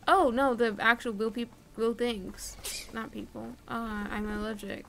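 A woman's voice: on the high side, little pitch movement, unhurried, vocal fry, a bit bright, a little hiss or hum. A young woman streamer chatting and swearing casually as she plays a game and talks to its characters. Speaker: gaming streamer. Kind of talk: casual let's-play commentary. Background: game music.

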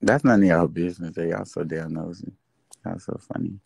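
A man's voice: deep voice, fairly even intonation, fairly quick, vocal fry, a little mellow, slightly rough, dry recording. A man venting and swearing on a casual livestream. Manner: venting, exasperated, swears freely. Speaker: social media host. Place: indoors, livestream.

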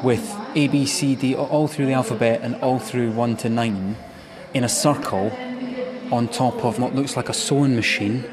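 A man's voice: mid-range voice, fairly even intonation, moderate pace. A man hosting a podcast, chatting enthusiastically and playfully while walking through a museum gallery. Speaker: podcast host. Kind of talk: casual chat. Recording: busy museum crowd behind.

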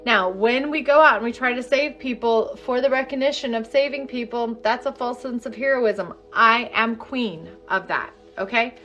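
A woman energy healing coach leading a live-streamed session, talking candidly and bluntly, then turning to slow, repeated guided affirmations. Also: a little high, fairly bright tone, faint music behind. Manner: candid, chatty and profane, then slow incantatory guidance.

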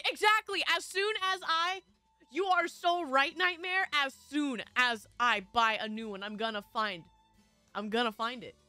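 Giggly high-voiced woman streamer. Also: pushed and bright, dry recording. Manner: bubbly, giggly, chatty. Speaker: VTuber game streamer. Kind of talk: casual live-stream chat.

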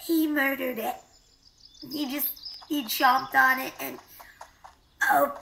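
Woman, VTuber, casual game commentary, excitable, bright tone. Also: high-pitched, slow pace, vocal fry, slight background noise, low-quality recording. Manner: excitable, squealing and gasping at animals. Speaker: VTuber streamer.

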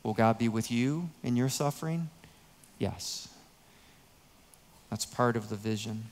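A man preaching a sermon in a church, earnest and emotional, with soft pauses. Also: medium pitch, big-room sound. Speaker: pastor. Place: church sanctuary.

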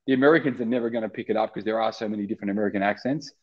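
An Australian actor in casual interview chat, rambling with many restarts and fillers. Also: male voice, on the low side, rapid-fire, muffled recording. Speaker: actor guest.

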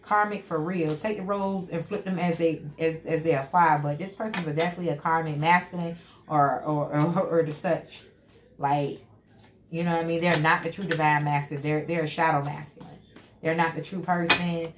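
A woman's voice: sits low, steady tone, fairly quick. Emphatic tarot-reading woman in an echoey room. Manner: emphatic, repetitive, frequent "you know what I'm saying". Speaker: tarot reader. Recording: echoey room with loud background noise.

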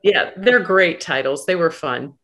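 A woman speaks over a video call in a casual, chatty way, upbeat and warm about her work. She trails off and starts her phrases again as she thinks. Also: lowish voice, animated. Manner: chatty, upbeat, halting with fillers and restarts. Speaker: guest author.

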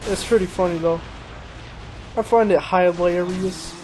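Over racing game music and engine sounds, a young man with a voice that sits high takes his time, rambling through casual commentary on his playthrough. He's self-mocking and quick to burst into excited exclamations at the action. The recording is rough.

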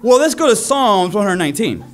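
High-voiced energetic young preacher. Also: male voice, a little fast. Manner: energetic storytelling, acts out crowd voices. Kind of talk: sermon.

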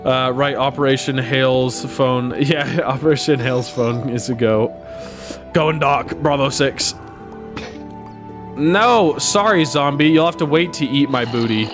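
A young man streams a video game with music playing behind him, goofing around as he plays and talking playfully to both the game and his chat. His mid-range voice moves a little slowly.

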